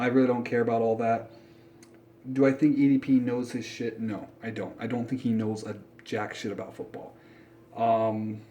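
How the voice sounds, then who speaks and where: A young man venting about his team in a casual vlog, blunt and full of curses. His pitch sits at an everyday middle height, and he swings from low grumbles to loud, sharp outbursts. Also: slight background noise. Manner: blunt, profane, animated ranting. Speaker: sports fan vlogger. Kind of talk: casual ranting commentary.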